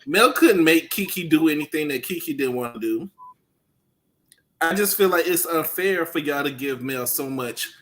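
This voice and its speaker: A man co-hosting a casual chat show, reasoning through his points in a relaxed, conversational way. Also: on the high side, moderate pace. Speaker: co-host.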